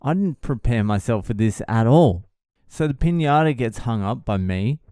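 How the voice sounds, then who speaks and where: Man, 30s, profane, sardonic, casual storytelling, smooth voice, dry close recording. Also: medium pitch, expressive, moderate pace, mellow, no room sound. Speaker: vlogger.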